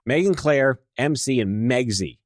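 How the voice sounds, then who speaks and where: A man hosting an interview podcast, teasing his guest with quick wisecracks in a casual chat. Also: medium pitch, lively intonation, no room sound, studio quality. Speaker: podcast host.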